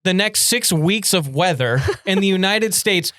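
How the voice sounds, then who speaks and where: A man's voice: sits high, expressive, measured pace, sharp tone, no echo, clean studio sound. A young man co-hosting a podcast in casual chat, playful and laughing often, with a mock-indignant edge. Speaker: podcast co-host.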